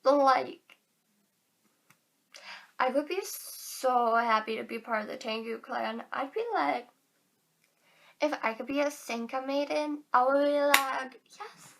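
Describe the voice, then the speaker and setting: A woman's voice: high voice, steady tone, takes it slowly, creaky, long pauses, a bit bright. A teenage girl vlogging to camera in casual chat, chatty and giggly, filling her talk with "like", a bit tired.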